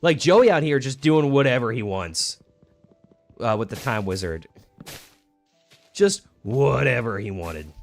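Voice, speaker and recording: A man's voice: medium pitch, expressive, a little slow, creaky, long pauses, no room sound, faint music behind. A young man streaming a game, chatting casually in a laid-back, rambling way with many fillers and restarts. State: hiccuping. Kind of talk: casual gaming stream chat.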